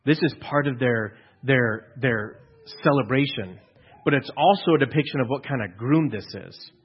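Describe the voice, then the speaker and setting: Pastor, male, mid-pitched, a little husky, chatty sermon with acted-out quotes, lo-fi church capture. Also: normal speed. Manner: conversational, acts out quotes with hushed asides.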